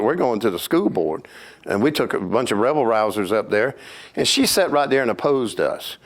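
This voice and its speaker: A man with a Southern US accent, a pastor, telling stories in a plainspoken, earnest way during a Bible study. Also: medium pitch. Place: church hall.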